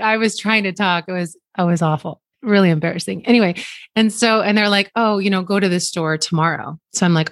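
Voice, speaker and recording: A woman's voice: on the low side, no echo, clean studio sound. A woman casually telling stories as a guest speaker, laughing often and acting out what people said. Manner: animated, laughs often, acts out quoted lines. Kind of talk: casual storytelling.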